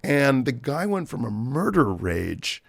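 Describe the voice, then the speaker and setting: Gravelly man telling a rambling story. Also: mid-range voice, big pitch swings, slow, no room sound, studio quality. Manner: rambling, lots of "like" and restarts. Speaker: podcast guest. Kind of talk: casual anecdote telling.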